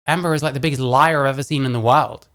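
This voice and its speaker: A man's voice: medium pitch, steady tone, fast talker, fairly bright tone. Blunt, mocking male reaction commentator. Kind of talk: profane casual commentary.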